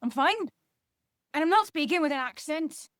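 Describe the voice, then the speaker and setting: A woman's voice: high voice, expressive, normal speed, a bit bright, dry recording, studio quality. A woman reading a washed-up actress who keeps slipping into a Welsh accent, brash and swearing, in a screenplay table read. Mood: flustered.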